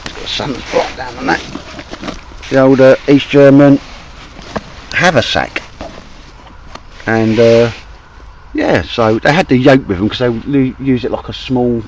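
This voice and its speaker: Speaking at a measured pace with frequent pauses, a mid-range-voiced Cockney man vlogs outdoors in a wet wood, chatting casually to camera. He rambles in a chummy way, repeatedly calling his mate "mate." The recording is rough, with slight background noise.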